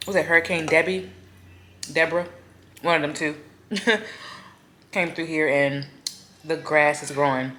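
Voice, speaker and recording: A woman casually chatting to viewers between bites, murmuring softly as she eats at home. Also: sits low, fairly even intonation, a little slow, pauses often, a little hiss or hum. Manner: talks between bites with soft murmured mm sounds. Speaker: mukbang vlogger. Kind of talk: casual chat while eating. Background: faint lawn mower and clinking cutlery.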